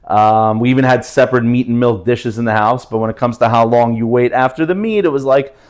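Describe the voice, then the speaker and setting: A man's voice: medium pitch, a little fast. A man, a Russian speaker, chatting as an interview guest, full of fillers and restarts. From New Jersey, USA. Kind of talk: casual interview conversation.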